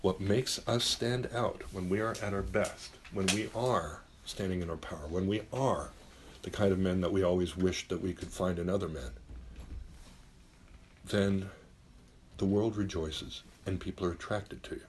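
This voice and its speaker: A middle-aged host speaks at normal speed in a low voice with fairly even intonation, slight noise in the background. In a casual talk show monologue he dispenses blunt, emphatic advice, swearing a lot and acting out quotes.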